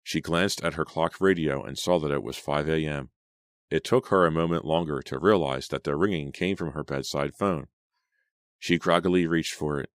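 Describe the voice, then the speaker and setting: A man narrating an audiobook in measured scripted narration, close to the mic. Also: very deep voice, no echo.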